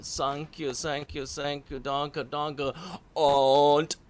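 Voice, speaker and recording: A preening German pop star with a put-on accent, giggling and fawning over his own fame, as a man puts him on. The voice sits a little high and slightly bright. He hams up every line like a self-adoring showman. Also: level tone, extremely slow, clean tone. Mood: hammy. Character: flamboyant German male pop star, vain. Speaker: host.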